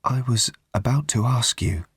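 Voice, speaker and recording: A man voicing a nervous, bewildered young woman with a low, trembly voice. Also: a little slow, breathy edge, dry recording, studio quality, exaggerated voice. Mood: wondering.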